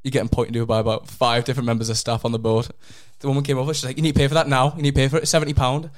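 A young man, telling a rambling story on a casual podcast, his voice jumping up in pitch when he gets excited. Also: racing. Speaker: podcast co-host. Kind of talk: casual chat.

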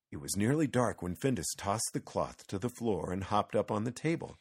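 A man with a low, husky voice reads a children's storybook aloud. His delivery is lively and expressive, rising and falling widely as he tells the tale. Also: normal speed, few pauses. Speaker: narrator.

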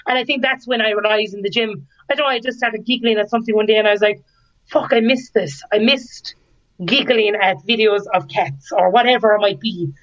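A woman's voice: medium pitch, brisk. Laughing woman telling her story. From Ireland. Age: 30s. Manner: lively, laughs often, acts out quoted lines. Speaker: guest. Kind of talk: candid interview storytelling. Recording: dull lo-fi sound.

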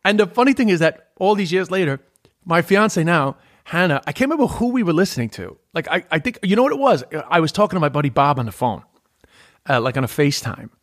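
Stand-up comic, male, Queens accent, slightly higher register, loose conversational podcast delivery. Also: expressive, fast, a bit bright. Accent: New York, Queens. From New York. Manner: chatty, restarts with many "like"s. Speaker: stand-up comedian. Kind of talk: casual podcast chat.

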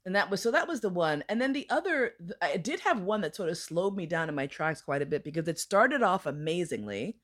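A woman's voice: on the low side, fairly quick, few pauses. A woman telling a bawdy story in casual chat, acting out the other people's lines and swearing freely. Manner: animated, acts out voices in quotes, swears freely. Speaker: podcast guest.

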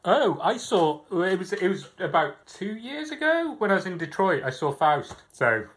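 A man's voice: high voice, sing-song, moderate pace, a bit bright. A man co-hosting a casual pub podcast, sweary and playfully combative. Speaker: podcast co-host.

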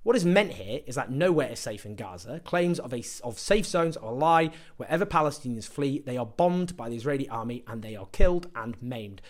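A man's voice: mid-range voice, animated, brisk, hardly any pauses. A man giving an impassioned political commentary, sarcastic and emphatic as he builds his points.

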